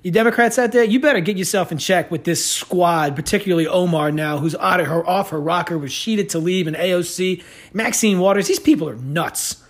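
Husky, high-voiced ranting man. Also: a little fast. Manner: sarcastic, animated storytelling. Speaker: podcast host. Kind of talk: casual ranting commentary.

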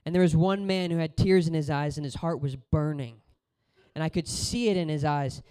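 A man preaching a sermon in a casual, conversational way, telling stories and moving between loud exhortation and quiet, low moments. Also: normal speed, clear, resonant tone.

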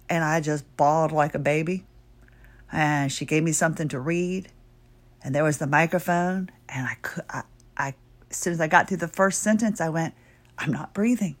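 Chatty woman host losing her voice. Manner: bubbly, chatty and rambling, with sudden high excited bursts. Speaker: podcast host. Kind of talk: casual solo podcast talk.

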